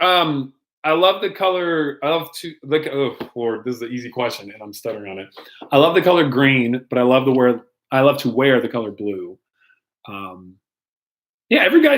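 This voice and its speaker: A man's voice: mid-range voice, animated, brisk, a bit bright. A young man, a youth pastor, casually answering viewer questions in a playful, rambling way with frequent laughs and ums. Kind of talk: casual live-stream Q&A.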